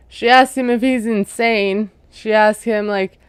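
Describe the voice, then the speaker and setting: A woman's voice: medium pitch, measured pace, few pauses, smooth, dry recording. A woman recapping a reality TV episode in casual commentary, chatty and amused, filling her talk with "like" and "you know". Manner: chatty, retelling scenes with lots of "like" and "you know"; amused, laughing at what she retells.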